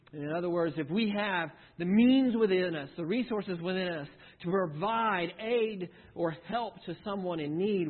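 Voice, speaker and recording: A man preaching a sermon, earnest, often repeating a word as he restarts and asking the listeners questions. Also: high-pitched. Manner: earnest, stumbles and repeats words, rhetorical questions. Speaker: pastor. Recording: tinny phone-like sound with long hall reverb.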